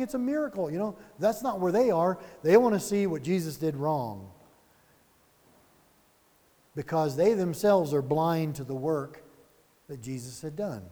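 Here a man with a high voice runs a Bible study, his sermon lively and conversational. He chuckles through asides and poses rhetorical questions, and the room leaves a long reverb tail.

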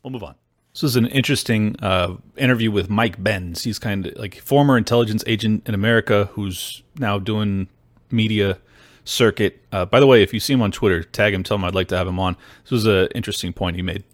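A man's voice: on the low side, fairly quick, no room sound. A man hosting a podcast, delivering heated, sarcastic and profane political commentary. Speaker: podcast host.

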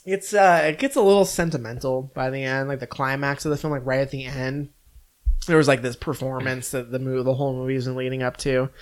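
A man's voice: mid-range voice, brisk. Rambling casual man reviewing films. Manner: relaxed, rambling, many "like" fillers. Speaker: podcast co-host reviewing films. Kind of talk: casual chat.

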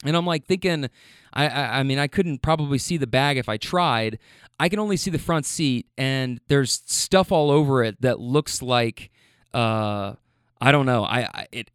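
Male storyteller, casual and rambling, smooth resonant voice, swears freely. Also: a little high, dry recording, studio quality. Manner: rambling with fillers, stammers and swearing.

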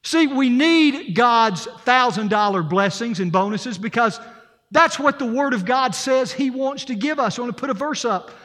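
A man's voice: very high voice, animated, normal speed, a bit bright. A man preaching a sermon as interim pastor, earnest and storytelling, with emphatic repetition. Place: church sanctuary. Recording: reverberant church hall.

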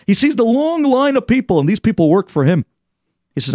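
A man preaching through a story with dramatic swings from loud to hushed. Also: high voice, sing-song, fairly quick, dry recording, clean studio sound. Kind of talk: storytelling sermon.

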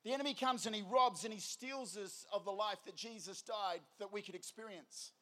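A man delivers an evangelistic sermon in a fairly high voice. His delivery is energetic and conversational. He keeps putting rhetorical questions to his listeners. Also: brisk. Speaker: preacher.

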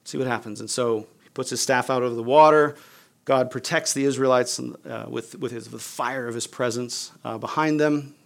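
Male pastor, casual conversational sermon, mid pitch, gravelly. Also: fairly even intonation, normal speed. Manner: conversational, casual with fillers like "you guys" and "like".

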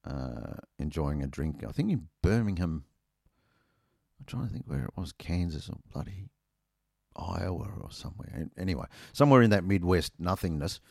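A man's voice: low voice, lively intonation, moderate pace, creaky, a little mellow, dry recording, studio quality. A middle-aged Australian man telling a rambling, self-mocking anecdote in casual chat, full of ums and uhs.

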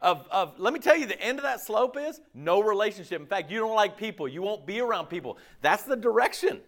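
Male pastor, sermon, high and very expressive voice, rhetorical check-ins. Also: a little fast. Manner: animated, rhetorical, checks in with "right?".

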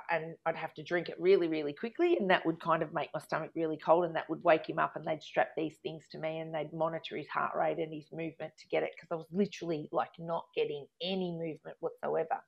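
A woman, chatting casually as she tells a long personal story, rambling and growing animated when she recounts arguments. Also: low-pitched, gravelly. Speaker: guest telling a life story. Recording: dull lo-fi recording.

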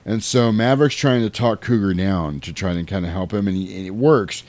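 Low-pitched male co-host, loose and chatty, retells scenes with playful quoted voices. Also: brisk, a little mellow. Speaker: podcast co-host recapping a film. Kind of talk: casual chat.

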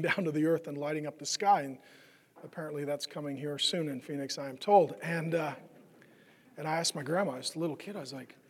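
In a big-room setting, a male pastor gives a conversational sermon, frequently questioning the congregation and imitating the voices of those he describes. His pitch is fairly high, with a breathy edge.

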